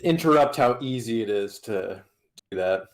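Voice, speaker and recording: A man's voice: medium pitch, animated, normal speed. Easygoing man giving brief replies. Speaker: podcast co-host and teacher. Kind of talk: casual chat.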